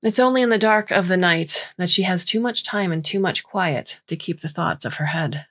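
Low husky woman narrating a story. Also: fairly bright tone. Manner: measured storytelling reading. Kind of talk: scripted narration.

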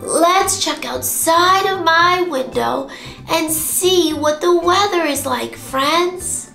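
A woman hosting a toddler circle-time lesson, speaking in an animated sing-song way with gasps and bits of song. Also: very high voice, takes it slowly, vocal fry. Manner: animated, exaggerated, gasping and singing. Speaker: preschool circle-time teacher. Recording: roomy sound with music behind.

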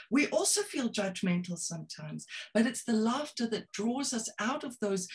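A middle-aged woman leading an online laughter yoga session over a video call, playful and coaxing, laughing often. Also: on the high side.

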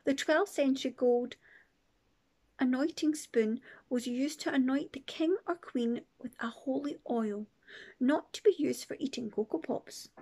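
A woman teacher reading a children's book aloud with expressive, playful asides. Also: high voice, unhurried. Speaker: primary teacher. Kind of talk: storybook read-aloud.

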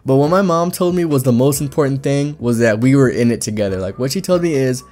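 A man's voice: medium pitch, a little mellow, faint music behind. A young man with a slight lisp from braces, rambling casually to his viewers as a channel host. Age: young adult. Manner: fast-talking, rambling, lots of "like".

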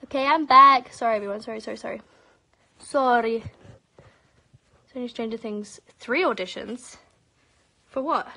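High-voiced British young woman chatting to fans. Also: normal speed, gravelly, pauses often, pushed and bright. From born in Spain, raised in London. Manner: chatty and bubbly, often dropping to a whisper for asides. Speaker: live-stream host answering fans. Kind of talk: casual live-stream Q&A chat.

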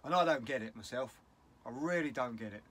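A man's voice: mid-range voice, a little fast, fairly bright tone, a little hiss or hum. A middle-aged man with a British English accent, talking in a casual vlog, upset and rambling bluntly. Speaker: vlogger.

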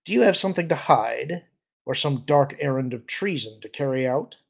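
A man voicing a coldly threatening male imperial officer who speaks in soft warnings. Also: mid-range voice, lively intonation, moderate pace, gravelly, husky. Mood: menacing. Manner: cold, warning. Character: menacing male imperial major, quietly threatening.

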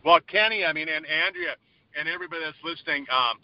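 A man hosting a group call, enthusiastic but halting with many fillers. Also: on the high side, dull audio.

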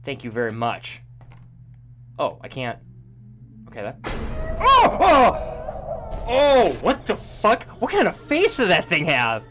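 Young male streamer, horror commentary, high lively voice, easily spooked, swears, laughs nervously. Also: takes it slowly, long pauses, background noise. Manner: jumpy, frequent yelps and nervous laughs, swears a lot. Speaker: game streamer. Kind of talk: live horror game commentary.

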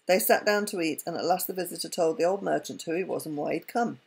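A woman narrating a storybook tale in a gentle, unhurried reading. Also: fairly low pitch, vocal fry, breathy edge, rough recording.

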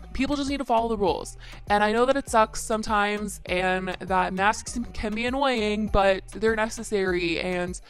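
Exasperated young woman doing casual commentary. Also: medium pitch. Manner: exasperated, says "like" a lot. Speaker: commentary podcast host.

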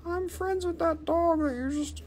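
A man's voice: measured pace, darkish tone. A man voicing a small carved stone dog who begs sweetly to be adopted. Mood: begging. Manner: high, sweet, begging.

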